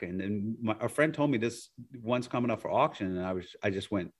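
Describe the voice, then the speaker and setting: A man's voice: on the low side, a little fast, hardly any pauses. Rambling, laughing male interview guest. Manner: animated, rambling, laughs often, many fillers. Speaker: guest, art collector. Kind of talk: casual interview storytelling.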